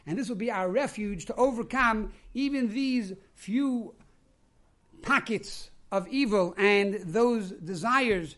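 A rabbi preaches, moving from teaching into a story. His voice is high for a man, and he explains each term in turn. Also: slow, fairly bright tone. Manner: explains terms one after another, tells stories. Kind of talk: sermon with storytelling.

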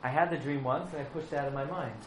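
A man's voice: a little high, fast, roomy sound, slight background noise, lightly acted, low-quality recording. A man doing an anxious, sleepless widow. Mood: pleading.

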